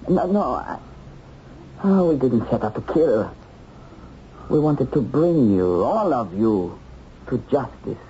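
A man's voice: medium pitch, big pitch swings, slow pace, long pauses, warm tone, a little hiss or hum. An actor playing a man who has tracked down a war criminal, taunting and given to chuckles, on a dull old TV soundtrack. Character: male hunter of a war criminal, mocking then torn.

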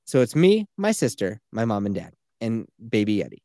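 Animated storytelling man, dry close sound. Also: fairly low pitch, normal speed, no echo. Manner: animated storytelling, swearing, acting out quotes. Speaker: podcast host. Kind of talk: casual chat.

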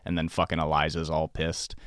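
A man's voice: extremely low pitch, completely flat delivery, brisk, fairly bright tone, no room sound. A man, a comedian guest, telling stories loosely and profanely on a podcast in a studio. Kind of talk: casual podcast chat.

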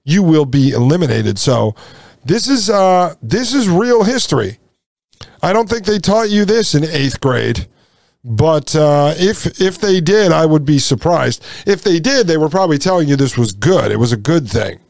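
A man's voice: a little high, very animated, measured pace, vocal fry, darkish tone, no echo, studio quality. A male podcast host reading from an article and breaking off into indignant, sarcastic commentary. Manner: indignant, sarcastic asides between quoted passages.

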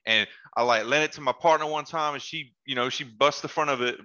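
A man's voice: medium pitch, fairly quick, pushed and bright, dull audio. A man chatting casually as a podcast guest, telling stories in a laid-back way with slangy asides and frequent laughs. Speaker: podcast guest, former basketball player. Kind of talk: casual storytelling chat.

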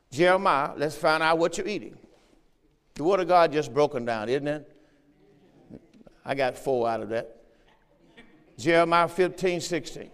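A man's voice: fairly high pitch, smooth, long reverb tail. A man preaching a sermon as pastor, reading scripture aloud and checking in with the congregation. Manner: preaching with call-and-response asides; reads scripture aloud in a raised voice. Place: church.

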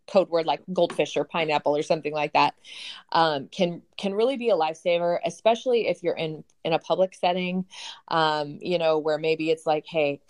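A woman's voice: low voice, darkish tone. A woman hosting a podcast and counseling couples, talking casually and enthusiastically with some ums.

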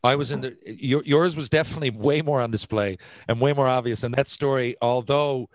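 An excitable man hosts a casual chat at an ordinary middle pitch. He drops to low murmurs, then jumps into loud, excited outbursts. The sound is dry and close. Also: a little fast, no room sound. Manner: excitable, swings from low murmurs to shouted laughter. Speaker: podcast host, former player.

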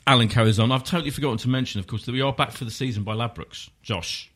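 A man hosting a casual football podcast, animated and opinionated, with quick asides. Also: medium pitch. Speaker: podcast host.

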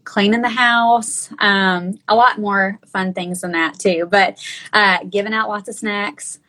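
A woman from Arkansas with a light Southern twang talks at an everyday pitch. She chats loosely, full of fillers and quick restarts. It sounds like a video call. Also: steady tone, bright, forceful tone, low-quality recording. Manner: chatty, many fillers and restarts. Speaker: guest. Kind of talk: casual chat.

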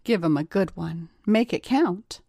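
A woman's voice: fairly low pitch, animated, measured pace, gravelly, mellow, no room sound, clean studio sound, full character voice. A woman reading as a bossy playful young woman.

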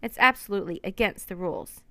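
A woman doing a nervous gruff old sailor. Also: mid-range voice, quick pace, fairly bright tone, no echo, close to an everyday voice. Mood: ominous. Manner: ominous, speaks in old sailor talk.

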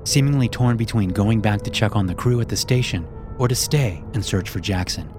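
A man narrating a horror story in a steady storytelling voice. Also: lowish voice, a little fast. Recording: loud background music.

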